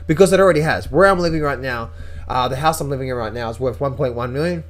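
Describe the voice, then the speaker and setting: A man's voice: medium pitch, fast. A man giving a casual market-update vlog as a trader, talking emphatically and often repeating words and restarting sentences.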